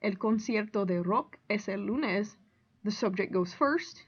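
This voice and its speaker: A woman Spanish teacher explaining grammar in a clear, deliberate way, reading out example sentences and translating them. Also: medium pitch, muffled recording. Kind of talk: recorded classroom lesson.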